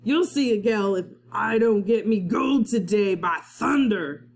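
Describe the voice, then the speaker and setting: A woman voicing a gruff, bullying one-eyed male pirate captain who shouts his orders. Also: fairly high pitch, animated, unhurried, voice pushed up.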